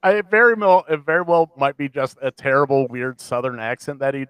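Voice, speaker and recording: A man from the American Midwest co-hosting a casual podcast chat, talking in animated, ranting bursts with a self-deprecating streak. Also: mid-range voice, fairly quick, clean tone, no room sound. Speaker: podcast co-host.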